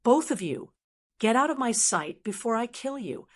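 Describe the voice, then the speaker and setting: A woman's voice: a little high, animated, normal speed. A woman voicing a violent, furious young man who snarls and raises his voice, in a storybook reading. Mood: angry menacing.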